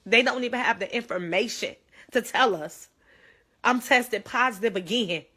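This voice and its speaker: A woman's voice: fairly high pitch, moderate pace, bright, forceful tone. Urgent pleading woman on a phone livestream. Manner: urgent, pleading, on the edge of tears. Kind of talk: emotional livestream plea.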